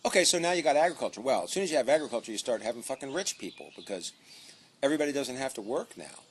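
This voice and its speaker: A man's voice: medium pitch, lively intonation, rapid-fire, slightly rough. A man, an author, delivering a profane, sarcastic comic rant about his book, swearing constantly.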